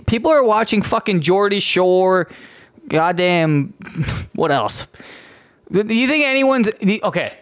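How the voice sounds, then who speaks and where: A young man from Canada rambles through a profane, sarcastic rant, often stopping and restarting. His voice runs high for a man. The recording is dry and close. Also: smooth, dry recording. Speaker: podcast host. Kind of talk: casual ranting monologue.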